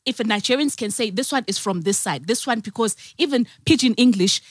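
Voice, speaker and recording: A woman's voice: a little high, brisk, breathy edge, dry recording, clean studio sound. A South African woman cohosting a podcast, chatty and laughing easily as she explains with examples. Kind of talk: casual chat.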